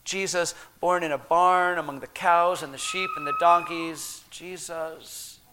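A man preaching a sermon as pastor, measured and deliberate, with long pauses, dropping soft and then rising loud. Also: a little high, huge pitch swings, background noise.

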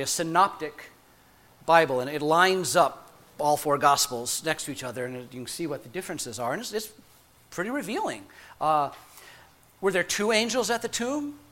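A man preaching a sermon in an animated, playful way, full of humorous asides and quick restarts. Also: high-pitched.

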